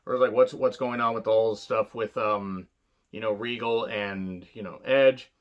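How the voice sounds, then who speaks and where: A man's voice: lowish voice, fairly even intonation, a little slow, lo-fi sound. A man giving a casual, rambling wrestling retro review, swearing freely and filling gaps with "uh" and "you know.". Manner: rambling, profane, lots of fillers and asides.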